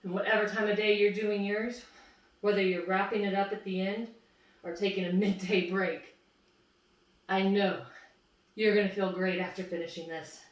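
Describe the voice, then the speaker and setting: A woman's voice: mid-range voice, level tone, moderate pace, pauses often. A woman fitness instructor coaching a plank workout, encouraging and counting down reps while out of breath. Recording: echoey room, far from mic.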